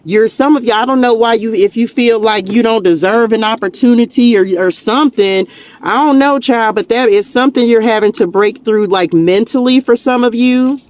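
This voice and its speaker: Her voice sits on the high side and moves at a normal speed as she hosts a relaxed, talkative live tarot session in a Southern drawl. She's a tarot reader and spiritual coach who keeps saying "y'all" and "child," breaks into easy laughter, and warmly cheers her audience on.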